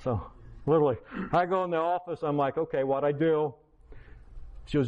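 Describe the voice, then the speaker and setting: A man's voice: a little high, fairly quick, darkish tone, lo-fi sound. A man in his sixties telling a personal story in a sermon, acting out the dialogue and building to emphatic preaching. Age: 60s. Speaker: Christian speaker, schoolteacher. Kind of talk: testimony sermon.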